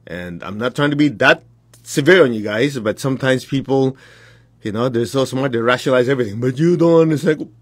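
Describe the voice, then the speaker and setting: A man's voice: medium pitch, a little fast, dry recording. A man teaching his followers in a blunt, direct way, with short laughs between points. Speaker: spiritual teacher.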